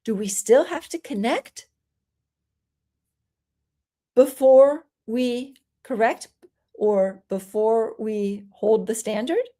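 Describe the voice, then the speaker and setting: A woman parenting coach giving a solo talk, explaining calmly and acting out soothing things a parent might say. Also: fairly high pitch, slow pace, long pauses. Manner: gentle, explanatory, acts out soothing parent lines.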